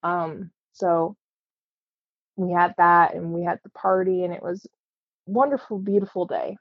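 A woman's voice: lowish voice, fairly even intonation, dry recording, highs cut off. Earnest woman telling a personal story. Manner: earnest, halting, with frequent fillers.

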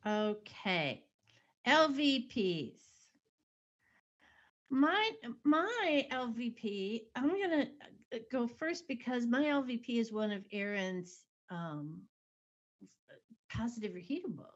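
Slow, husky woman hosting a chat. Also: fairly high pitch, expressive, highs cut off. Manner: slow, easygoing, leads with brief prompts and agreement. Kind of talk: casual film discussion.

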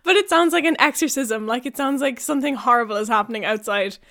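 Bright-voiced young woman rambling on her podcast, giggly and animated, highish voice. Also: fast, vocal fry. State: out of breath. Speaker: podcast host. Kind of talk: casual solo podcast monologue. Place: house in the countryside.

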